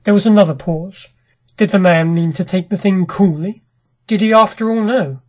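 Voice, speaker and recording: A woman reading a classic short story aloud in a measured, dramatic narration. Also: medium pitch, a little mellow.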